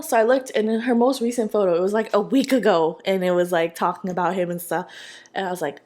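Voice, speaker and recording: A young woman tells a story in a casual eating vlog. She talks in an animated, sassy and slangy way, with a voice in the middle of the usual pitch. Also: fast talker. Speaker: mukbang vlogger.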